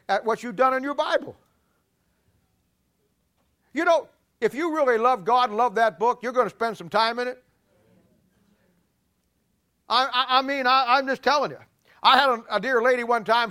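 Before a congregation in church, a man with a high-sitting voice preaches an animated sermon, repeating himself often and swinging between loud and hushed.

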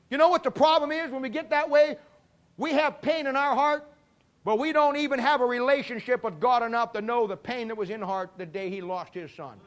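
High-voiced older preacher. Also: male voice, brisk. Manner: folksy storytelling, building to impassioned shouting. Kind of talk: sermon.

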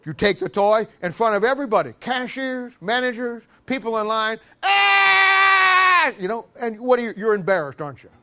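A male preacher with a high voice delivers a sermon in an animated, joking way. He stammers over restarts and acts out little scenes as he goes. His tone is bright and forceful throughout. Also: a little fast, hardly any pauses.

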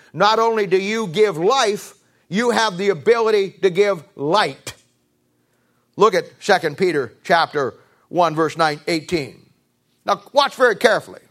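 A high-voiced man preaches in a steady sermon cadence, hammering points home through repetition. He climbs to raised emphasis, then drops low, often repeating phrases and restarting.

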